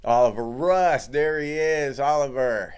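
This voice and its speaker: A man's voice: medium pitch, unhurried, clear, resonant tone. A middle-aged man hosting a casual livestream, chatting loosely and greeting viewers in the chat. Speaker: livestream host.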